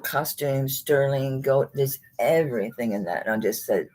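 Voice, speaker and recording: A woman's voice: very deep voice, normal speed, hardly any pauses, darkish tone. A woman hosting a live jewelry auction stream, chatting casually, chuckling and talking to the pieces she holds.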